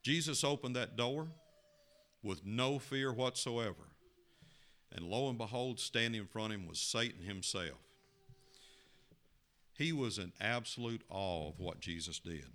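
A man's voice: a little slow, long pauses. Folksy male preacher telling a parable. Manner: folksy, expressive storyteller with sudden rises in pitch and volume. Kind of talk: sermon storytelling.

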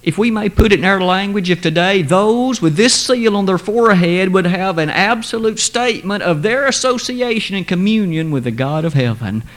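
Preacher, male, slightly high voice, measured and emphatic sermon delivery. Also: expressive, fairly bright tone.

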